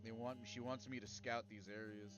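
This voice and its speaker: Male streamer talking over his gameplay, crude and rambling, soft game music underneath. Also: on the low side, fairly even intonation, moderate pace, highs cut off. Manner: crude, rambling, reads game text aloud. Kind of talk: casual gaming commentary.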